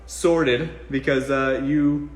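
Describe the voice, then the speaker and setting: A man's voice: medium pitch, steady tone, slow, roomy sound. A man from South Carolina with a Southern accent, hosting a casual live-stream Q&A on dating and giving blunt, profane, joking answers. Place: room in his home.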